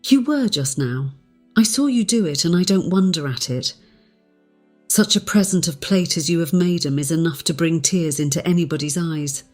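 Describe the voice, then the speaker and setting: A man's voice: a little high, expressive, normal speed, a little mellow, faint music behind, pitched above the performer's own voice, natural voice. A man voicing a blunt, matter-of-fact middle-aged woman servant in an audiobook, with brusque, scolding retorts. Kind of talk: audiobook character voice.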